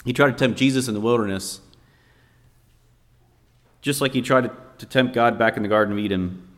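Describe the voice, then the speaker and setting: A man's voice: mid-range voice, a little fast. Man preaching in a reverberant hall. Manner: storytelling, vividly recounting a scene. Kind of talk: sermon.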